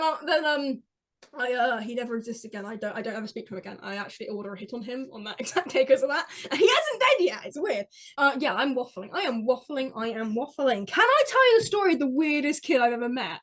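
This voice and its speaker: High-pitched woman, excitable, rambling chatty stories, podcast mic. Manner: excitable, rambling, many restarts. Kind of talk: casual chat, rambling storytelling.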